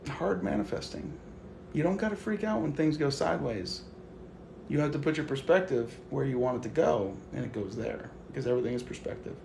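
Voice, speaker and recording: A young man telling a story on a live stream in a casual, animated way, swearing freely and acting out what he said to others. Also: mid-range voice, brisk, creaky, echoey room, a little hiss or hum. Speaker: livestream host. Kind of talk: casual livestream chat.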